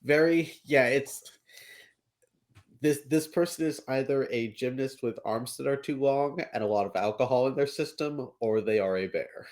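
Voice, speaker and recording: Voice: medium pitch, normal speed, a little mellow. A player in a tabletop game who talks playfully, with goofy sound effects. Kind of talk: casual tabletop play.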